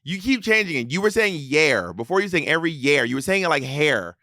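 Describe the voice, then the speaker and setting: A man co-hosts a podcast in a teasing, exacting way. His pitch jumps around a lot, and his voice is bright and sharp. The sound is dry and close. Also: very animated, fast, no room sound. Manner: teasing, precise, argues points. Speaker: podcast co-host. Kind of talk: casual chat.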